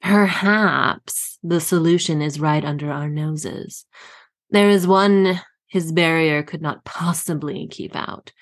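Woman playing a simpering male spymaster, slow, ingratiating, groveling, storybook reading. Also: low voice. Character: groveling older male royal spy master.

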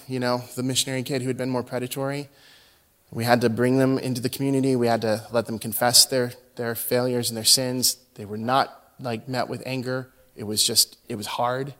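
A middle-aged man preaching a sermon as a pastor, telling a story and swinging between hushed and loud delivery. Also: medium pitch.

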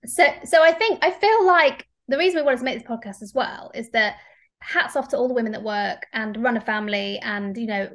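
A woman in her thirties chatting candidly as a podcast co-host, animated when she rants. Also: on the high side, a little fast. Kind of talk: casual podcast chat.

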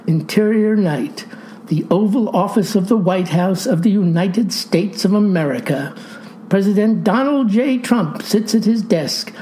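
A woman's voice: lowish voice, warm tone, poor audio. A woman reading a satirical comedy script, with a theatrical, mock-grand delivery. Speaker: narrator.

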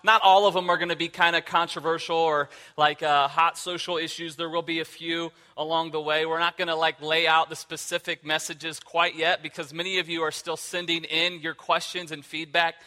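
A man's voice: on the high side, level tone, moderate pace, few pauses, sharp tone. A man who is a lead pastor, giving a sermon in a casual, conversational way with frequent fillers.

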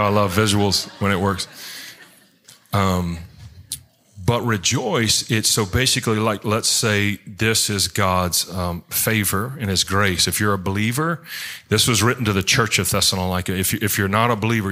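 Rambling, animated preacher man with a low voice. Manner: animated, rambling, jumps between points, acts out quotes. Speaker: pastor. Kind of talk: sermon. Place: church.

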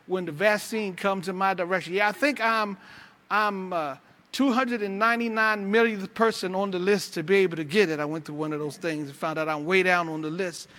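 A man preaches with a very high, bright, forceful voice, rising and falling with churchy fervor. He repeats his phrases, stumbles and restarts, and calls out to his congregation. His speech carries a flavor. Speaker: pastor. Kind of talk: sermon.

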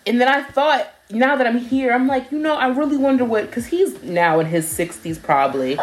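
Young woman, lively storytelling voice, fairly high, acts out quotes, laughs often. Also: moderate pace, a little hiss or hum. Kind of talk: casual chat.

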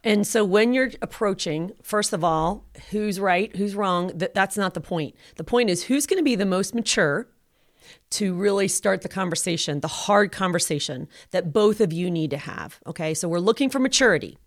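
A woman's voice: mid-range voice, expressive, moderate pace. A middle-aged woman co-hosting a marriage advice show, speaking earnestly and affirming. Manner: earnest, affirming, quotes scripture. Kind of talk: casual advice chat.

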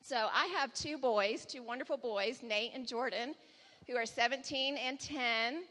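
A woman's voice: a little high, unhurried, bright, forceful tone. Woman telling her story in a reverberant hall. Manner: candid storytelling, quotes her son in dialogue. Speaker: church speaker. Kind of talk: personal testimony sermon.

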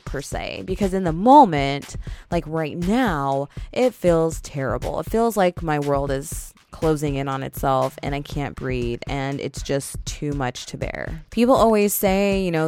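A young woman hosting a solo podcast, talking casually and candidly with emphatic swings in her voice. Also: a little mellow. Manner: chatty, candid, emphatic with pitch jumps. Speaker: podcast host.

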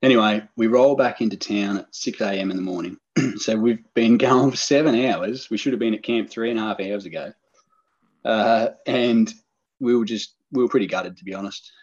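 A man's voice: lowish voice, moderate pace, darkish tone, breathy edge, highs cut off. A man with an Australian accent, a podcast guest telling a hunting trip story in a rambling, laid-back way. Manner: rambling, laid-back, many fillers and restarts. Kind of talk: casual storytelling.

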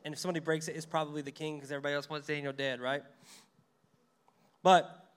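Pastor, male, fairly high voice, conversational sermon with acted-out quotes. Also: steady tone, fairly quick, clean tone. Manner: conversational preaching, reads scripture aloud, acts out quotes.

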